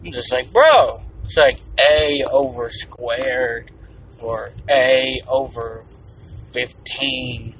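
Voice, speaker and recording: A man's voice: medium pitch, drawn-out words, fairly bright tone. A man hosting his own podcast, ranting bluntly and profanely in a rambling, casual way. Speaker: podcast host. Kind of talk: casual solo podcast rant. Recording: distant, dull lo-fi mic with faint noise.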